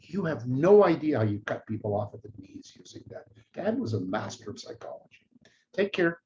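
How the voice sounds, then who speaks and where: A man's voice: mid-range voice, normal speed, a little hiss or hum. An older man telling real estate stories in a casual monologue, acting out the people he quotes. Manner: animated, acts out quoted voices. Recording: dull lo-fi audio.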